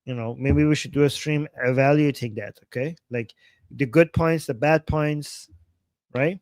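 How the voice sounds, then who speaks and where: A man's voice: a little high, measured pace, a little mellow, dry recording. Man with non-native English, hosting livestream. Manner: earnest, self-restarting, non-native English phrasing. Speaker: livestream host. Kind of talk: casual livestream chat, reading viewer comments.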